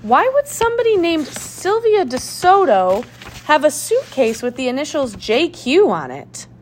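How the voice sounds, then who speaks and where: A woman's voice: high-pitched, sing-song, measured pace, a little hiss or hum, voice pushed up. A woman voicing a nervous, reluctant young boy in a storybook, asking anxious questions in a raised, strained voice. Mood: worried questioning.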